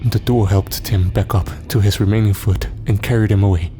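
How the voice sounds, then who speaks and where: A man narrating a first-person horror story in a steady, somber way. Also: lowish voice, fairly quick, a little hiss or hum.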